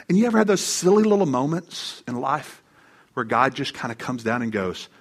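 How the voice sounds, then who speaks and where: Speaking fairly quickly with big pitch swings and a breathy edge, a middle-aged pastor's mid-range voice fills a church before a live congregation. His sermon centers on a humorous personal story, with voices acted out for the people he quotes.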